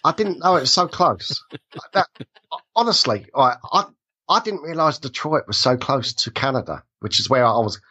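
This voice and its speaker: A man's voice: mid-range voice, lively intonation, normal speed, pushed and bright, slightly rough, muffled recording. A man with an English accent, a podcast guest joking his way through a mock trial, self-deprecating and hesitant with restarts. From England. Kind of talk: casual mock-trial banter.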